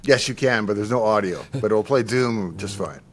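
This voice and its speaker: A man hosting a casual livestream Q&A, answering in a measured way with dry humor. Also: on the low side. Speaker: host.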